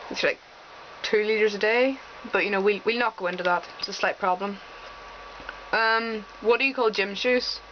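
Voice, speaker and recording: A teenage girl from Northern Ireland speaks with a Belfast and Fermanagh accent that carries a faint American tinge, at a mid pitch. She chats wryly to camera between ums. The sound is dull and lo-fi from a webcam mic, with a faint hiss behind her. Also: normal speed. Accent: Northern Irish, mix of Belfast and Fermanagh with a slight American tinge. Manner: chatty and wry, with frequent ums. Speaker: vlogger. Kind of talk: casual to-camera chat, reading out a word list and questions.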